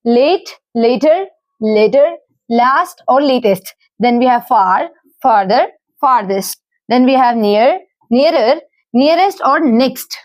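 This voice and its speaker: A woman's voice: high-pitched, expressive, slow, no echo. A woman with an Indian English accent, teaching grammar rules and patiently spelling out word forms.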